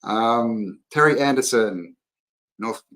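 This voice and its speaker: A man's voice: mid-range voice, slow, fairly bright tone, rough recording. An Australian man hosting a casual livestream, rambling chattily and greeting viewers by name as he reads their comments. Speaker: livestream host.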